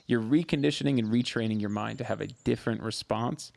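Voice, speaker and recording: A man hosting a live mental health Q&A as a therapist, answering viewers in a warm, coaching way and repeating phrases for emphasis. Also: on the low side, a little fast, vocal fry. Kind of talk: live-stream advice answering viewer questions.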